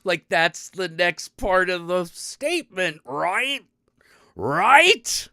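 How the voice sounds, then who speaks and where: A man's voice: high-pitched, sing-song, drawn-out words, pushed and bright, no room sound, studio quality. A man hosting his own stream, ranting casually and profanely to his chat, rambling and exasperated with lots of restarts. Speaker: stream host.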